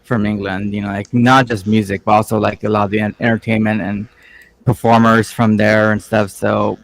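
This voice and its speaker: A man's voice: fairly low pitch, flat delivery, moderate pace, creaky, low-quality recording. A man in a casual group chat, chatty and self-deprecating.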